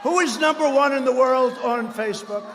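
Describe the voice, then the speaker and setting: A man giving a rambling, boastful campaign rally speech, often breaking into shouts. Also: extremely high pitch, normal speed, crowd noise, background noise. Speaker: political speaker at a rally. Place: large rally hall. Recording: echoey hall with long reverb.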